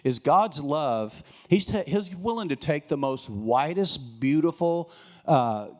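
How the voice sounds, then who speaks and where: A middle-aged man preaches about his own marriage before a congregation. He talks earnestly, leaning into his key lines and keeping the tone friendly with quick jokes. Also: on the high side, lively intonation. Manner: earnest, preacherly, with joking asides. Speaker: pastor sharing testimony. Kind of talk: sermon-style testimony.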